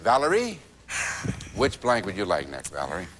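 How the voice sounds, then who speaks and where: A man's voice: low-pitched, wildly swooping pitch, moderate pace. A man hosting a TV game show, chatty and teasing with contestants. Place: TV studio. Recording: noisy 1980s TV tape with studio audience.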